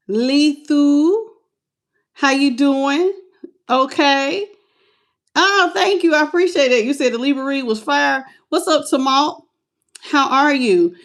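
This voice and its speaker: Middle-aged woman, tarot live-stream host, breathless, casual and affectionate, a bit high-pitched. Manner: chatty, affectionate, calls viewers "baby" and "y'all".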